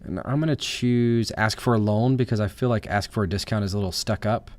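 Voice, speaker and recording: A man with a Southern US accent giving casual commentary over a game in a relaxed, thinking-aloud way. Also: lowish voice, brisk, dry recording, faint music behind. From American South. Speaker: let's play host.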